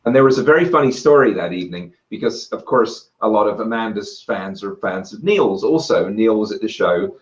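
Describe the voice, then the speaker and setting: British guy spinning animated stories, voice in an echoey room, kinda muffled. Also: on the low side, brisk, few pauses. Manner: lively, acts out quoted voices loudly. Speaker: guest. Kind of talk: anecdotal storytelling in a conversation. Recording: roomy and muffled.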